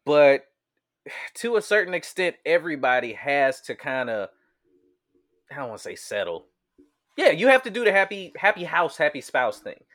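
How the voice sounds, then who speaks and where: A man co-hosting a casual podcast chat, talking in a profane, animated way and laughing often. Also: fairly high pitch, normal speed, long pauses.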